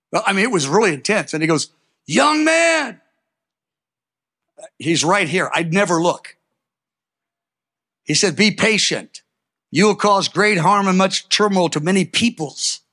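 Preaching a sermon, an older man with a higher-pitched voice tells personal stories in an animated way, his volume jumping to sudden loud peaks.

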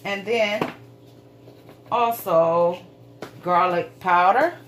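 A woman's voice: lowish voice, very slow, a little hiss or hum. A woman giving a casual cooking demonstration in her home kitchen, chatting folksily with her viewers and swearing now and then.

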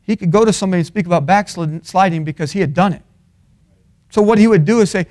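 High-voiced preacher, loud and soft by turns. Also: male voice, fast talker, soft background music. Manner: swings from loud emphatic peaks to low quiet asides. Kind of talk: sermon. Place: college chapel.

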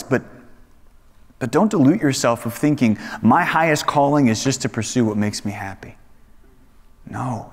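A man teaching a young adults Bible study in a casual, conversational sermon style, animated and acting out quoted voices. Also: medium pitch. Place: church hall. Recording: echoey hall reverb.

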